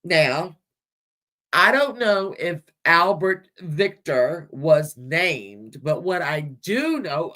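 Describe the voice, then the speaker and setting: A woman's voice: fairly low pitch, sing-song, very slow, fairly bright tone. A woman hosting a livestream, chatting casually about history with viewers, rambling and chuckling with crude asides. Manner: searching images on screen while talking. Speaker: livestream host. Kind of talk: casual history chat with live chat.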